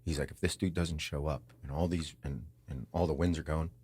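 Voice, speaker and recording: A man hosting a podcast, telling a story in a casual, animated way, swearing often and acting out what others said. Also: very deep voice, brisk, slightly rough. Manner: animated, swears a lot, acts out quotes. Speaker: podcast host.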